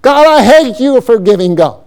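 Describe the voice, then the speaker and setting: A man voicing an angry, hotheaded male prophet who shouts his complaints at God. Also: very high voice, moderate pace, clear, resonant tone, voice pushed up. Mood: indignant.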